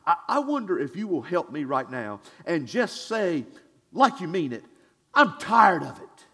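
A male pastor preaching a sermon in a church, swinging from shouted declarations to hushed asides in a folksy, conversational way. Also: fairly high pitch, big pitch swings. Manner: conversational, drawn-out and folksy, with audience call-and-response.

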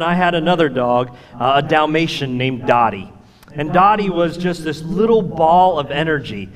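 Man, pastor, sermon, personal storytelling, soft whispers at tender moments, long hall reverb. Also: a little high.

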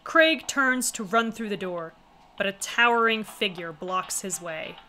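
A woman's voice: medium pitch, measured pace, pushed and bright, soft background music. A woman streamer reading a visual novel aloud, with wry, chatty asides in between. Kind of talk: casual reading with commentary.

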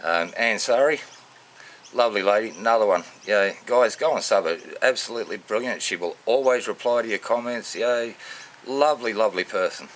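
A man with an Australian accent giving casual, unscripted shout-outs in a matey, rambling way full of slang. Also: lowish voice, fairly quick. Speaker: vlogger.

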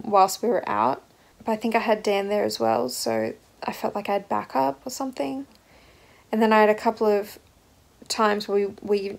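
A woman's voice: mid-range voice, creaky, a little mellow, rough recording. A young woman vlogging candidly about life as a new mother, reflective and open, with ums and restarts. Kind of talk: casual personal vlog.

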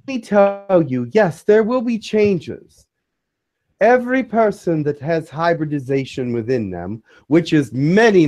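A man channeling a spiritual message to a small community, speaking in a measured, solemn way. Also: fairly high pitch, darkish tone.

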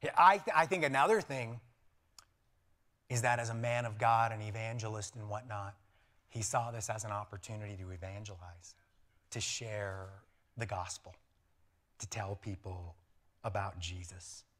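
A pastor preaching a lively sermon in church, animated and laughing, often acting out voices. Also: male voice, on the low side, moderate pace, pauses often.

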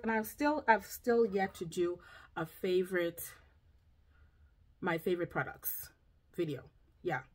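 At home indoors, a woman vlogs her way through a grocery haul in a casual, drawn-out manner, frequently checking in with "okay?" Her voice is mid-range and a little mellow.

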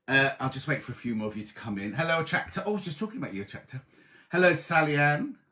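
Man, fairly high voice, chatty live-stream host greeting viewers by name. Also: expressive, very fast. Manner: chatty, reading out viewer messages, warm greetings with "my love". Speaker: host of a live online coffee morning.

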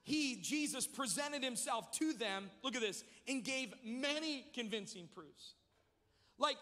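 High-voiced bright preacher in a big hall. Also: male voice, unhurried. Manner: energetic storytelling with jokes. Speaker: pastor. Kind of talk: sermon. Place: large church hall.

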